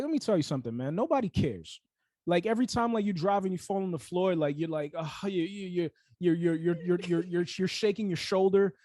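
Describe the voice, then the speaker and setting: A man's voice: fairly high pitch, mellow, no room sound. A young man co-hosting a casual sports podcast, ranting heatedly with lots of fillers and restarts.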